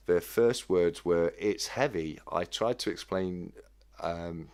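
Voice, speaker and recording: A man hosting a casual live-stream chat, reading out viewer comments in a friendly, halting way with many restarts. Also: deep voice, a little mellow. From United Kingdom. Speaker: livestream host.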